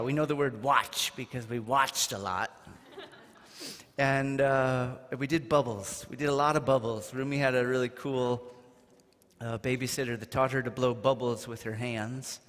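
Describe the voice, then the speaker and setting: A man, a rabbi, leading a holiday service and talking gently and playfully with the children. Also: medium pitch. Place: arts center hall. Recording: long hall reverb, faint music.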